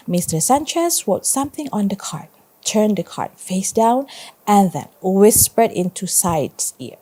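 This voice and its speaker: Teacher lady reading a story to kids, slow, soft warm tone. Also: mid-range voice, sing-song. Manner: slow, stops to ask students questions. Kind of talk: reading a story aloud to pupils.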